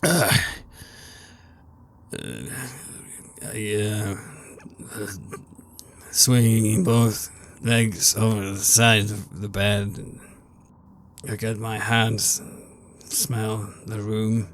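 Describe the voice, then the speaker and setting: A man voicing an older grandfather who speaks haltingly and stammers. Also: on the low side, level tone, fairly bright tone, full character voice. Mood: groggy. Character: older grandfather, gruff worn-out father.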